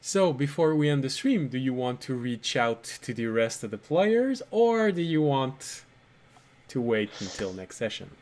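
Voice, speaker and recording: A man's voice: medium pitch, sing-song, unhurried, darkish tone. A man narrating as game master in a tabletop game, friendly and laughing often, with many fillers.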